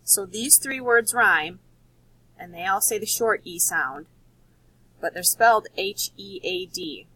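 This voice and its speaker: Woman teacher, recorded kids' spelling lesson; slow, patient delivery with a husky edge. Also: medium pitch, expressive, sharp tone, no echo, rough recording. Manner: patient, explains slowly and repeats words.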